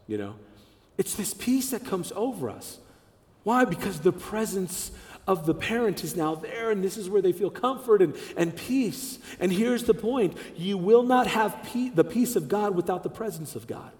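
A man's voice: high voice, normal speed. A man in his thirties preaching a sermon. He speaks emphatically, repeats key phrases and acts out the voices of the people he quotes. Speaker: pastor. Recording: reverberant hall.

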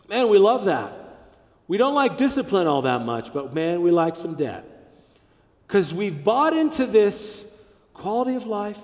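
A man in his thirties preaching a sermon. He speaks emphatically, repeats key phrases and acts out the voices of the people he quotes. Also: high-pitched. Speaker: pastor. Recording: reverberant hall.

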